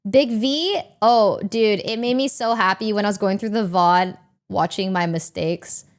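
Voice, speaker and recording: A woman livestreamer chatting casually with her viewers in an animated, emotional, talkative way. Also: medium pitch, a little slow. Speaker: livestreamer reading chat. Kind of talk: casual stream chat.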